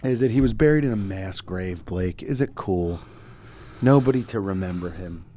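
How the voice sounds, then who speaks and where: A man hosts a casual comedy podcast, telling stories with real animation. His pitch swings widely, climbing to shouted disbelief and then sinking into grumbling asides. He swears freely and talks quickly when he gets worked up. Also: slight background noise. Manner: animated storytelling, swearing, big jumps up to shouted outrage. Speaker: podcast host.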